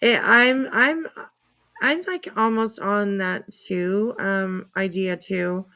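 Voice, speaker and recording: Speaking slowly in a mid-range voice that's pushed and bright, with fairly even intonation, a woman hosts a casual livestream. She's chatty and apologetic as she reacts to comments, swearing now and then.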